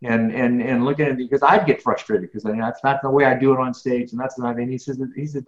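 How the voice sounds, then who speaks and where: This fast-talking middle-aged guest has a mid-range voice and a steady tone, and he's emphatic in the conversational interview, frequently restarting and repeating himself. The line sounds echoey, dull and lo-fi.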